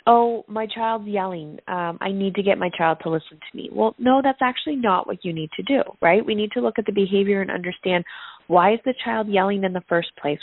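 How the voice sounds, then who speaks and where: A woman's voice: medium pitch, no echo. Woman on a dry, tinny phone line. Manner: earnest, reflective, uses personal examples. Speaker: parenting coach and podcaster, guest. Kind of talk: conversational interview answers.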